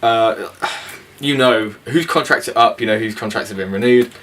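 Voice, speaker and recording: A man's voice: medium pitch, normal speed, a bit bright. A young man co-hosting a casual film review, blunt and opinionated, sweary, laughing often. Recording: voice from a distance.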